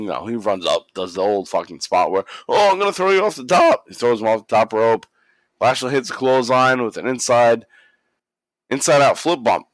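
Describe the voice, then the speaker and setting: A man's voice: medium pitch, no echo. A man co-hosting a podcast, telling a wrestling story in casual chat, swearing freely and acting out the quotes. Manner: animated storytelling, profane, acts out quotes. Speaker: podcast co-host recapping wrestling.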